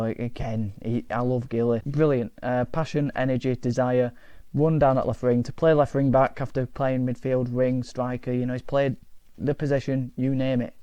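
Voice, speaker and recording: A man's voice: medium pitch, warm tone, clear, resonant tone, no echo. A man from the north of England hosting a casual football reaction vlog, rambling and repeating words as he talks. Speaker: football fan channel host.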